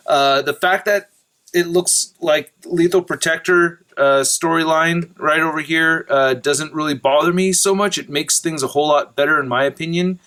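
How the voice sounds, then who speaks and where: A man hosting a casual trailer reaction video, rambling with lots of fillers and restarts, an excitable fan whose voice jumps up when he gets enthused. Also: fairly high pitch. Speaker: YouTube host reacting to a trailer.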